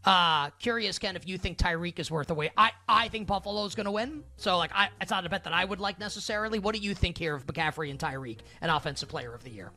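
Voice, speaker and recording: A man's voice: high voice, fast talker, few pauses, sharp tone. A man co-hosting a sports betting podcast, chatting in a wry, casual way and leading into segments. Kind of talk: casual chat.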